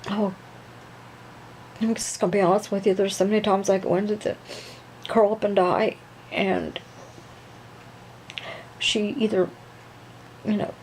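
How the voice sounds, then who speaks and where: A woman's voice: mid-range voice, gravelly, a little mellow, a little hiss or hum, close to an everyday voice, low-quality recording. Woman doing a gushing, nervous young woman. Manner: breathless, fretful, halting with repeated words.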